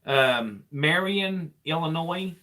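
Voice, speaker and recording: A man's voice: fairly high pitch, lively intonation, takes it slowly, bright, forceful tone. A man, a trucker hosting a casual live chat, rambling and repeating himself as he talks. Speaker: trucker and channel host.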